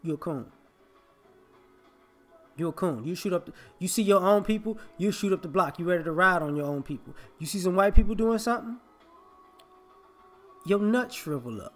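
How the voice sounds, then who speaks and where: A man's voice: high-pitched, animated, moderate pace, long pauses, soft background music. A man, delivering an emphatic, confrontational opinion monologue as a vlogger.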